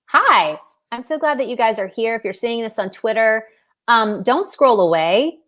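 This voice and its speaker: A woman's voice: on the high side, lively intonation, normal speed, a bit bright. A woman hosting a casual virtual happy hour, upbeat and chatty as she greets listeners over a video call. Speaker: host, co-owner of the show.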